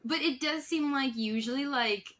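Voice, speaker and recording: A woman hosting a casual podcast chat, talking fast and loose with lots of fillers. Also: high voice. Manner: chatty, many "like" fillers, animated. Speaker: podcast host.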